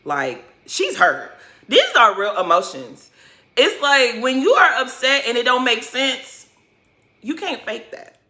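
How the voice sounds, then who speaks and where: Woman doing a reality tv recap, super lively voice, blunt and cussing, lots of slang. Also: on the high side, takes it slowly. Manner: blunt, swears freely, slangy and expressive. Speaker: recap host.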